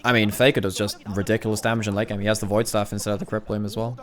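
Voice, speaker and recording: A man with a somewhat low voice talks through a recorded match as an analyst. His commentary is casual and unscripted, full of quick restarts and the odd mild curse as he works out what went wrong. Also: little pitch movement, a bit bright. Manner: thinks aloud, rapid restarts, casual swearing. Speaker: esports analyst.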